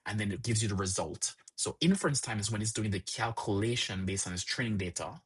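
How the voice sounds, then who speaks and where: A man's voice: fairly low pitch, fast, hardly any pauses, a bit bright, husky. A man hosting a live-streamed lesson, explaining with examples and answering chat questions in a rambling way, often repeating "actually" and "so".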